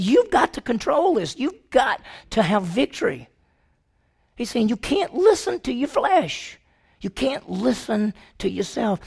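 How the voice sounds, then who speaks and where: Male preacher with a gravelly edge, animated sermon delivery, calls out rhetorical questions and leaps up in pitch for emphasis. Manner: pitch jumps high when emphatic.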